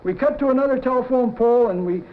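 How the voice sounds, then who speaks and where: A middle-aged man, a cartoon story man, pitching a storyboard animatedly and acting out sound effects as he goes. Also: fast talker, slight background noise. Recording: dull lo-fi 1950s TV audio.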